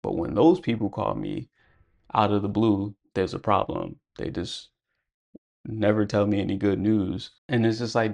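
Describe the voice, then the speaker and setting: A man's voice: lowish voice, fairly even intonation, unhurried, gravelly, darkish tone. A young man telling a personal story to camera in a casual, reflective way, full of "like" and "you know". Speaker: vlogger.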